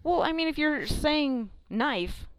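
A woman's voice: sits high, animated, slow, a little hiss or hum. A woman co-hosting a podcast, chatting casually and teasing her co-host, with sudden exclamations of disbelief. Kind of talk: casual chat.

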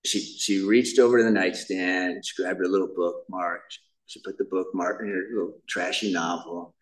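A man's voice: low-pitched, fairly even intonation, normal speed, distant mic, low-quality recording. A man speaking at a recovery meeting, telling his personal story in a casual, self-deprecating way, sprinkled with "man" and "you know". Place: meeting room.

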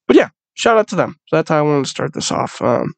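A young man hosting his podcast, spinning a rambling story full of swearing and easy laughter. His voice sits a little high for a man, and it sounds dry and close, with no room echo. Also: sing-song, fast, creaky. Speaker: podcast host. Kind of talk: casual storytelling monologue.

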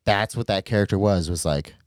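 Podcast co-host, man, lowish voice, dry close sound, fired-up and sweary. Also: brisk, dry recording. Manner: excitable, swears a lot, rises sharply when worked up. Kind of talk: casual chat.

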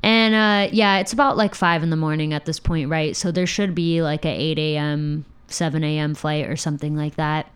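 Brief: low, smooth-voiced young woman, candid storyteller, swears freely. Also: fairly even intonation, moderate pace, few pauses. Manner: frank and profane, with laughs. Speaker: podcast host telling her own story.

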